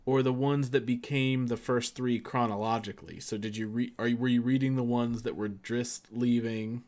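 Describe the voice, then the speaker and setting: A man's voice: mid-range voice, steady tone, normal speed, a little mellow. Chatty male game streamer. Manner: chatty, rambling, laughs often. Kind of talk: casual gaming stream commentary.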